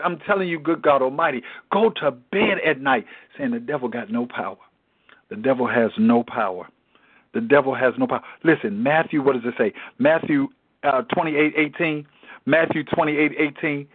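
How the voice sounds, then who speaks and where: A man leading a Bible study in a preaching style, emphatic and repetitive in his exhortations. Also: high voice. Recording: tinny phone-like sound.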